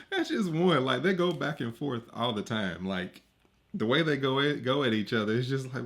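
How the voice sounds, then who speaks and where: A man in his thirties, a podcast co-host, chatting casually and telling stories about his kids, acting out their lines in raised voices. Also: brisk. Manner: animated storyteller, acts out quotes in high voices. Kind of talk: casual chat.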